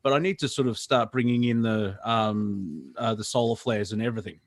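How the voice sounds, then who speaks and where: A man calling in to a talk show, speaking haltingly with many fillers and laughing often. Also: lowish voice, no echo, clean studio sound. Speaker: caller. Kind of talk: casual chat.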